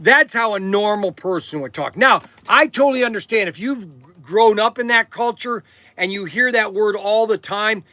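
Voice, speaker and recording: This livestream host has a high, bright voice and a moderate pace, rambling and repeating himself while frequently saying "okay" and checking in on his audience. There's no room sound; the audio is close and dry.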